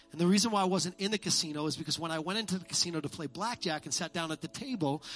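A man preaching a sermon as a pastor, animated and joking with his congregation in a church. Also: high voice. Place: church sanctuary.

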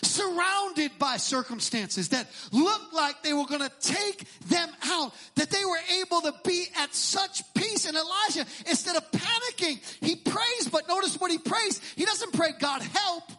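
A middle-aged man preaches a sermon in a church, with a very high voice and a sharp, bright edge. He is emphatic and rises to shouts at key points. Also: animated, measured pace, few pauses. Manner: emphatic preaching, sometimes shouting, acts out quotes. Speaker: pastor.

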